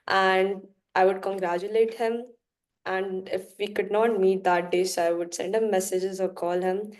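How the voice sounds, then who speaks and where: A woman's voice: medium pitch, little pitch movement, a little slow, darkish tone. Hesitant young woman student. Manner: hesitant, lots of fillers, giggly. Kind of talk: practice speaking-test answer.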